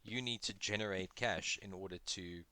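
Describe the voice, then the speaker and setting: A man's voice: deep voice, normal speed, pushed and bright, a little hiss or hum. A man chatting casually through his gameplay, joking at himself and talking to the creatures he fights. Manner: chatty, self-deprecating, talks to the game's creatures. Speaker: gaming video host.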